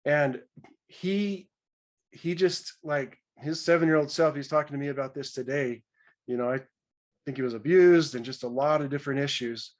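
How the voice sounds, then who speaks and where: A man's voice: fairly high pitch, moderate pace. A man introducing a speaker on a video call, hesitant and trailing off. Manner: hesitant, throat-clearing, trailing off. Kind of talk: casual talk on a video call.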